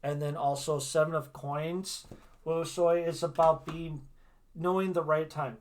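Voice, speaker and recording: This is a chatty man who hosts a tarot livestream. His voice sits a little high for a man, and his talk is casual and reassuring, with "right?" tacked onto his points. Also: steady tone, measured pace, a little mellow. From Wisconsin, USA. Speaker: tarot reader and livestream host.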